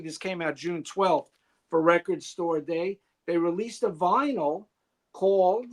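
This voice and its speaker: A man co-hosting a casual music podcast over a video call, listing album facts in an informative, matter-of-fact way. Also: high voice. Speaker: podcast co-host. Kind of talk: album review talk.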